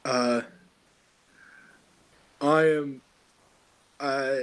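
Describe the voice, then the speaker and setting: A man's voice: mid-range voice, steady tone, drawn-out words, clear, resonant tone. A man playing a tabletop role-playing game, rambling and laughing as he describes his character's clumsy actions. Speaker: player. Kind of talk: casual tabletop role-play.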